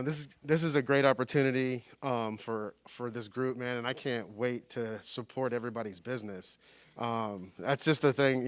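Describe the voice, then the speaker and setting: A man who has just won an award says a few halting, casual words of thanks on stage. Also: medium pitch, fairly bright tone, no echo. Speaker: award winner. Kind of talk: impromptu thank-you remarks. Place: event hall stage.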